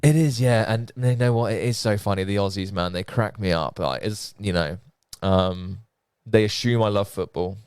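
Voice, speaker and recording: Smooth low-voiced southern English man. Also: normal speed, hardly any pauses, no room sound, clean studio sound. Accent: southern English, Bournemouth area. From England. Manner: animated storyteller, many fillers. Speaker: podcast guest. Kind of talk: casual chat.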